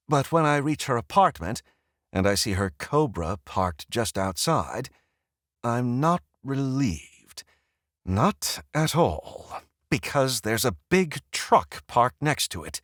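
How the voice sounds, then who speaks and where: A man narrating an audiobook in the first person, in a wry, expressive way. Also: mid-range voice, no echo, studio quality.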